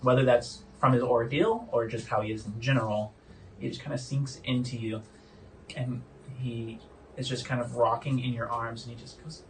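A man's voice: mid-range voice, little pitch movement, moderate pace, slight background noise. Casual male game master, distant mic. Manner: casual, descriptive, many fillers. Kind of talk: narrating a tabletop game. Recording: distant mic with faint music.

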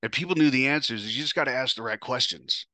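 A man's voice: medium pitch, quick pace, sharp tone, no room sound. A podcast host telling his own story in the first person, blunt, profane and emotional.

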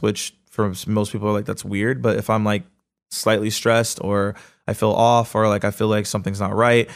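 A man hosting a podcast, speaking in a casual, energetic motivational monologue with lots of fillers and quick bursts. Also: lowish voice. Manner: energetic, casual, fast-talking with many fillers. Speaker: podcast host.

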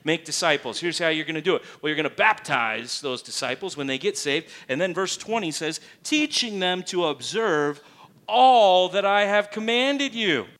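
A male pastor delivering a sermon in a church, his voice sitting a little high for a man. He preaches with emphasis and keeps pressing the congregation with rhetorical questions. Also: animated, normal speed, few pauses, bright, forceful tone.

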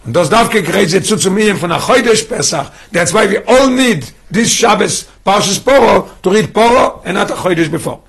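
High, gravelly, fast-talking rabbi. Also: male voice, expressive, fairly bright tone. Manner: emphatic, mixes in Yiddish and Hebrew terms. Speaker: rabbi teaching a class. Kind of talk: Torah class lecture.

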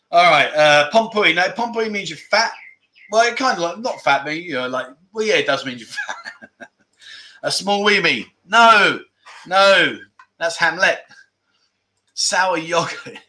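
A man hosts a casual livestream from a room at home, reading viewer comments and laughing along. His voice is bright and forceful, sitting a little high for a man. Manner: laughs often, jokey banter with chat. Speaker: livestream host.

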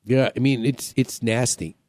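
In a dry, clean studio recording, a home-repair radio host talks at normal speed with a mid-range, darkish voice. His manner is chatty and joking, and he tends to repeat himself.

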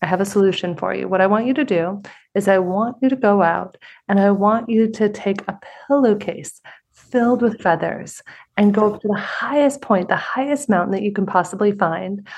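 A woman voicing a calm, wise old male village sage in a spoken parable, with a measured, instructive delivery. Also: mid-range voice, slightly rough.

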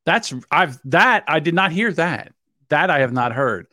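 A brash man with a fairly high voice that swings widely in pitch co-hosts a podcast. He jokes crudely in a casual chat. The recording is close and dry. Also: animated, measured pace, bright, forceful tone, no room sound. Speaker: podcast co-host.

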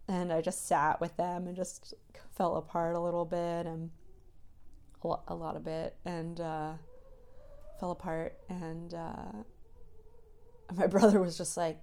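A tired, tearful woman speaking in a soft, halting way in a reflective personal voice diary, sometimes dropping into a whisper, then chatting with lots of fillers. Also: fairly low pitch, fairly even intonation. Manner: chatty storytelling with many fillers. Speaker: creator sharing a personal diary recording.

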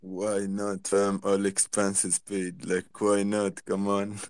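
A man's voice: on the low side, monotone, slow pace. A man in casual chat, easygoing, using lots of slang. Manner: easygoing slang, says fam.

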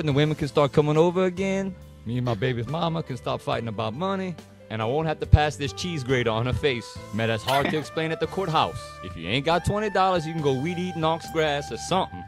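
A man voicing a broke Cajun man with an animated drawl, pitching a silly invention in a parody dub.

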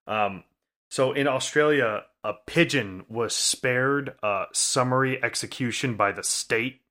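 A man's voice: medium pitch, a little slow, sharp tone. A man co-hosting a podcast in casual chat, telling stories with a dry, wry manner. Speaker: podcast co-host.

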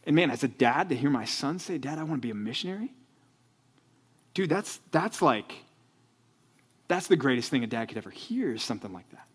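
A man preaching to students. He speaks earnestly, repeats words as he gets going and builds up to loud, fired-up emphasis. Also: mid-range voice, a little fast, husky. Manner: repeats words when excited. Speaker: youth pastor. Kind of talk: sermon to students.

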